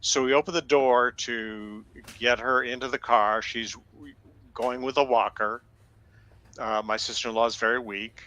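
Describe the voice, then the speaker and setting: A man's voice: mid-range voice, steady tone, measured pace, sharp tone, rough recording. A man co-hosting a podcast, telling an anecdote in a blunt, profane, casual way. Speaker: podcast co-host. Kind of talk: casual storytelling. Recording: dry close sound.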